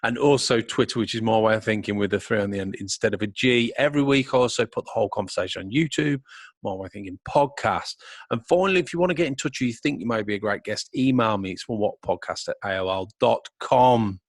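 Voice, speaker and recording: Tired podcast host, dry sound. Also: male voice, lowish voice, fast talker, no room sound. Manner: chatty, enthusiastic, stumbling restarts. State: losing his voice, tired. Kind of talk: casual interview chat and outro.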